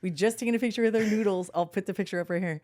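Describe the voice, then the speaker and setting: A woman co-hosting a podcast, telling a story in a casual, animated way and laughing often. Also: mid-range voice, rapid-fire. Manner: animated, laughing, acts out quotes. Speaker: podcast co-host.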